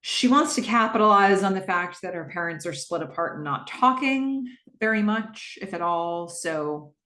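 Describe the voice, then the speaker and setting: A woman's voice: fairly low pitch, fairly bright tone. A woman hosting a podcast, recapping a TV episode in a casual, chatty way with frequent fillers. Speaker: podcast host. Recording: roomy echo.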